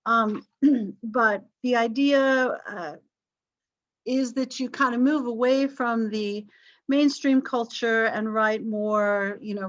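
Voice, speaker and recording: A woman's voice: a little high, highs cut off. A woman instructor giving a chatty, self-deprecating recorded online lecture with frequent ums. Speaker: college history instructor.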